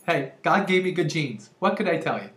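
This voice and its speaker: Energetic chatty woman in her forties. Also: on the low side, a little fast. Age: 40s. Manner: energetic, chatty, laughs often. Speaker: vlogger. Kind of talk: casual vlog monologue. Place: room at home. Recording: roomy echo.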